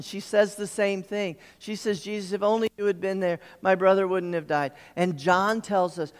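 A man's voice: high voice, big-room sound. A man preaching a sermon as pastor, repeating words and restarting as he builds emphasis.

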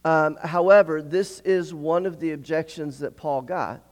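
Man, pastor, sermon, earnest, repeats himself, throat clearing, fairly high voice. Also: fairly even intonation, unhurried, a little mellow. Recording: long hall reverb.

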